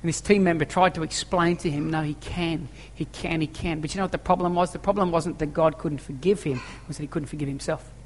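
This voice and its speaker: A man's voice: on the high side, steady tone, fast, few pauses, slight background noise. A man preaching a sermon to his congregation in a church hall, emphatic, repeating key phrases and asking rhetorical questions. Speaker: pastor. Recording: long echoing church reverb.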